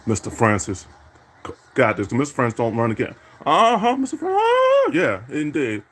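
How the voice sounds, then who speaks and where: Commentating on his own basketball video game, a man needles his opponent and keeps repeating catchphrases like "indeed." He speaks in a mid-range, sing-song voice, a bit bright, at a moderate pace.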